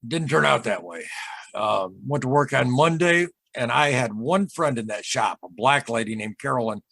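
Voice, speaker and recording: A man with a husky voice tells his own strange story to an interviewer. He rambles, repeats himself and restarts, and his voice sits at an ordinary pitch. The sound is close and dry. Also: lively intonation, fairly bright tone, dry recording. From Michigan, USA. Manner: rambling, halting, with many repeated starts and asides. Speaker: interview guest recounting a UFO encounter. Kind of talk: emotional storytelling in a casual interview.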